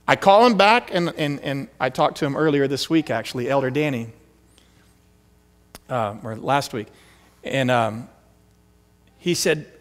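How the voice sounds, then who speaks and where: A male pastor tells stories from the pulpit, leaning into every quoted line. His voice sits a little high for a man. The sound carries a long reverb from the sanctuary. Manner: animated, acts out quoted voices. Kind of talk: storytelling sermon. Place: church sanctuary.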